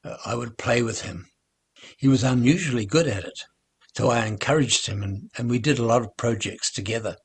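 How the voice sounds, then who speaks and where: A grieving old grandfather in a children's storybook, voiced by a male reader. His voice is very husky and breathy, and he speaks haltingly, stumbling over his words. The pitch sits in a middle range for a man. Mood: hesitant. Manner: halting, stammering, subdued. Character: grieving older grandfather, once grumpy.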